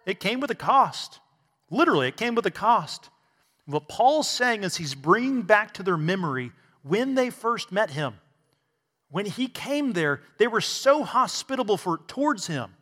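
Guy preaching a sermon, kinda high and bright voice, asks the crowd questions, joking here and there. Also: big pitch swings, moderate pace, in a large hall. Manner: preaching with rhetorical questions and humor. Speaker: pastor.

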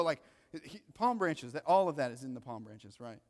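A male pastor preaching a sermon in a casual, joking way, swinging between loud excitement and hushed asides. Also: mid-range voice, normal speed. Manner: conversational, joking. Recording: long reverb of a large hall.

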